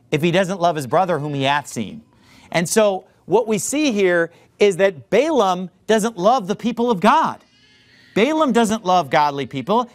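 A man preaching a sermon, speaking emphatically, drawing out key words and addressing the listeners directly as folks. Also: sits high. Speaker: pastor.

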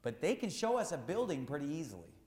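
A man preaching a sermon as pastor, emphatic and repetitive, rising to shouts at times. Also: on the high side, very animated, quick pace, reverberant, big-room sound.

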